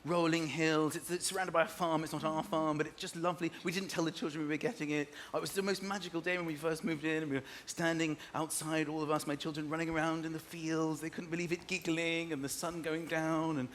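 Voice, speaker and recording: A middle-aged man performing a stand-up comedy routine with animated, exaggerated storytelling. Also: fairly high pitch, a little fast, few pauses. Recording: noisy recording.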